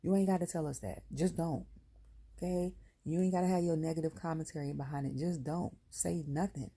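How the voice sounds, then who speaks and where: Near tears, a mother reviewing a wrestling show rants casually in blunt, slangy language with plenty of animation. She speaks a little fast in a low-pitched, husky voice.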